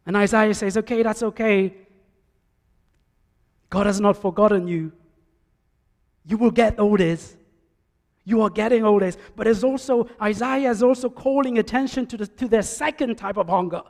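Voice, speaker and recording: A male preacher with a high voice delivers a sermon, swinging between loud calls and quiet asides. His voice carries with a long echo through the church. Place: church sanctuary. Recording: echoey church hall.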